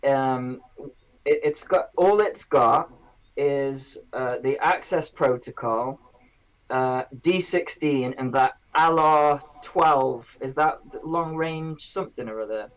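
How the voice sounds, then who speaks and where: A man's voice: on the high side, slow, low-quality recording. A man on a podcast, rambling through a review of drone gear with lots of restarts in casual banter.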